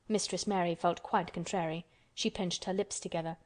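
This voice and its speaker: Her voice sits fairly low as she narrates a scripted audiobook, keeping the delivery calm and measured.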